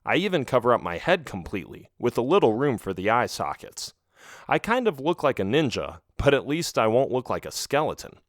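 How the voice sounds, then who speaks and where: A man's voice: mid-range voice, very animated, brisk, no echo. A man narrating a children's audiobook in the first person, reading expressively into a close mic.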